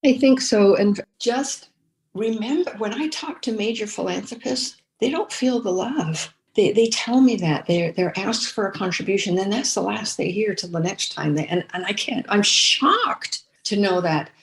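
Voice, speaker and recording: An older woman from the United States, a veteran fundraiser, telling lively stories in a podcast interview with frequent restarts. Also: medium pitch, moderate pace. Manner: storytelling, animated, many restarts and repeated words. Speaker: guest, former chief fundraiser.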